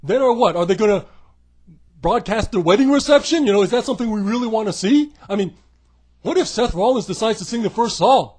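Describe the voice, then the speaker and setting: A man ranting as a wrestling vlogger, sarcastic, profane and mocking, often breaking into shouts. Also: high voice, expressive, brisk, slightly rough. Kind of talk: comedic rant.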